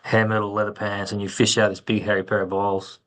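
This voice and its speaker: A man's voice: fairly low pitch, level tone, brisk. A man from Australia in a metal band, answering questions in a laid-back, joking way. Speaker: band member. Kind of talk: casual interview chat.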